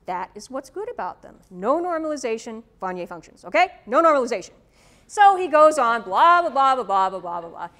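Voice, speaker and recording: Woman lecturing in a hall on a mic, high voice, chatty storytelling, keeps saying okay?. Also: brisk. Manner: lively anecdotal storytelling with frequent "okay?". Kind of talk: university lecture. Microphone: tethered microphone.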